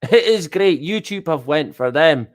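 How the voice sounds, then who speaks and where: A man's voice: a little high, expressive, measured pace. A middle-aged Scottish man chatting casually on a live stream, swearing freely and joking at his own expense. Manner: swears a lot, chatty and self-deprecating.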